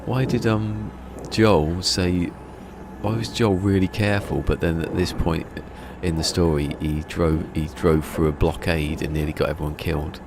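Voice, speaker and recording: English man, game streamer, deep voice, rambling casual chat, restarts sentences. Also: fairly even intonation, normal speed, background noise. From England.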